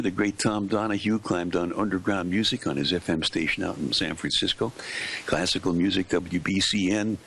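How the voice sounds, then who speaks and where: Older man with a deep, gravelly voice. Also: a bit bright, a little hiss or hum. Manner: punchy, dramatic storyteller with emphatic pauses. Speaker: veteran radio DJ, interview guest. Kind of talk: anecdotal storytelling in an interview.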